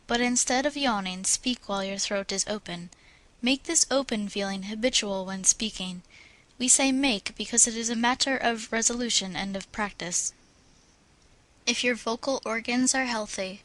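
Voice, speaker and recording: A woman narrates an old public speaking manual in a measured, instructive tone. Her voice sits at an ordinary middle pitch, and she moves through vowel drills and breathing advice at an even pace. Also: poor audio. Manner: steady, instructive reading with drilled vowel examples. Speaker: audiobook reader.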